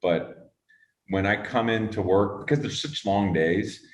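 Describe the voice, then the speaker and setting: A man with a very low voice talks through his working habits as an interview guest, pausing often with fillers and restarting sentences. He drops the odd casual swear word. The room around him is echoey. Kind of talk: relaxed conversational interview.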